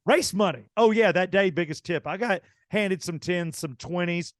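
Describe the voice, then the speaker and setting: A man's voice: high voice, normal speed, dry recording. Man, middle-aged, radio host, casual storytelling, acts out quotes, dry studio sound. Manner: animated anecdote teller, acts out quoted dialogue.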